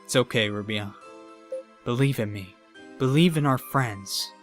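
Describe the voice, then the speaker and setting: A man's voice: medium pitch, unhurried, faint music behind, voice pushed down, close to an everyday voice. A man reading the lines of an earnest, determined fifteen-year-old boy hero from a video game in a plain voice. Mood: reassuring.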